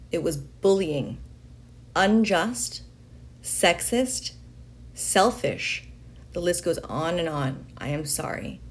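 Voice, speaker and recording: Low-voiced woman reading a letter aloud. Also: slight background noise. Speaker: reader of a letter.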